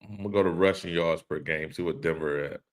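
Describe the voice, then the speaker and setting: A man's voice: deep voice, fast. A man hosting a casual live-stream podcast, reading chat comments aloud and laughing along in a laid-back way.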